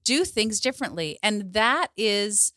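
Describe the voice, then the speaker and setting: Measured woman psychologist giving advice. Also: medium pitch, expressive, dry recording, studio quality. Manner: warm, encouraging, measured. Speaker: psychologist guest. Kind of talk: advice in conversation.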